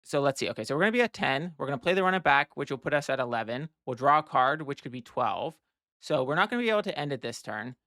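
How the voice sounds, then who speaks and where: Man, casual strategy walkthrough, thinks aloud, mid-pitched voice, dry close recording. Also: expressive, fast talker, pushed and bright, no echo. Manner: thinks aloud, frequent restarts and "like" fillers; explanatory, plans moves step by step. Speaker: card game strategy teacher.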